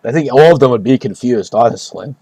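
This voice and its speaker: A man talks casually on a stream in a rambling, joking way. He loops back over his own phrases, swears freely and keeps laughing at his own ideas. His voice sits at a middle pitch and sounds close and dry, with no room echo. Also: animated, a little fast, dark tone, husky. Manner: joking, rambling, repeats himself, laughs often; profane.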